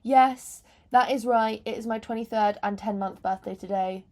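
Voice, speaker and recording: A young woman in her twenties chats to camera from her bedroom floor, her voice sitting a little high. She rambles, mocks herself and swears freely as she talks about a book. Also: expressive, moderate pace, vocal fry, hardly any pauses, a little mellow. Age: 20s. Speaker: book vlogger. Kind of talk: casual chat to camera. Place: bedroom floor, hot room.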